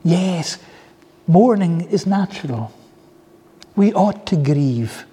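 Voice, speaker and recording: A man preaches a sermon, with a slightly raised, mellow voice and a touch of huskiness. He tells his stories in an earnest, heartfelt way. The sound carries the long reverb of a large hall. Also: high-pitched, animated, takes it slowly, slightly rough. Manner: earnest storytelling with soft asides. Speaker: pastor.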